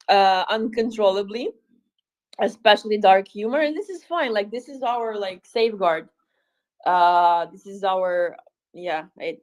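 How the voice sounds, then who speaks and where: In poor audio, a mid-range female voice belongs to a volunteer speaker from Ukraine chatting casually in a live audio room. Thoughtful with dry humor, she restarts often and uses lots of fillers.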